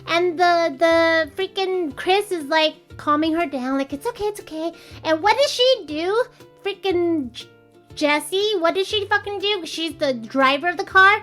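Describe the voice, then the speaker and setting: A woman co-hosting a casual movie chat, retelling scenes in an animated, swearing rant. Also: extremely high pitch, measured pace, faint music behind. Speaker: podcast co-host.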